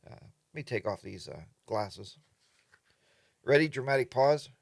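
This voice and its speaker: A man's voice: on the low side, very animated, takes it slowly, creaky, breathy edge, no echo. A man hosting a casual morning livestream from his home studio, greeting viewers by name and rambling along with plenty of fillers. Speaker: livestream host.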